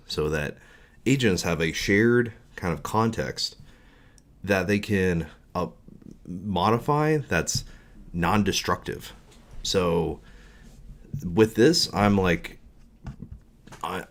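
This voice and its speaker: A man talking casually on a live coding stream, rambling through his thoughts with many fillers and restarts. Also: low-pitched.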